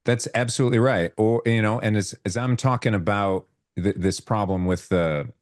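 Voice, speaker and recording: A middle-aged man hosting a live video call, telling an animated story. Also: lowish voice, moderate pace. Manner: animated, imitates voices when retelling. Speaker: podcast host.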